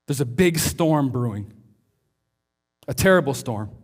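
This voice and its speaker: A man voicing a calm male emergency radio controller who gives steady, firm, repeated commands to guide a plane home. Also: mid-range voice, unhurried, husky, voice pushed down. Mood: commanding.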